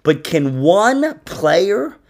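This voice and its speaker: Gravelly, animated male podcast host. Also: sits high, extremely slow. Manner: loose, swearing, excitable, laughs often. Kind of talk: casual chat.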